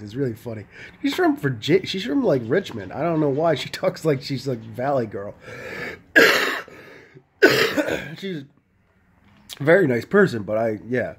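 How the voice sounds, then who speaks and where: A man's voice: medium pitch, husky. A man talking casually into a handheld phone camera, rambling, full of "like" and frequent swearing. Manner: rambling, heavy on "like", swears freely. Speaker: vlogger.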